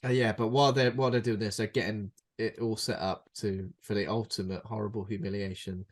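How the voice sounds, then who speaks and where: A man's voice: lowish voice, fairly even intonation, fairly quick. Rambling male co-host. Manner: rambling, searches for words with fillers. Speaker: podcast co-host. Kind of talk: casual film recap chat.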